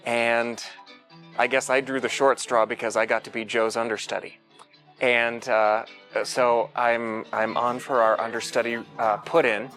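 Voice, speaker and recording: Male actor, mid pitch, relaxed interview anecdote, soft guitar underneath. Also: measured pace. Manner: relaxed storytelling with fillers. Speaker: stage actor recalling a colleague.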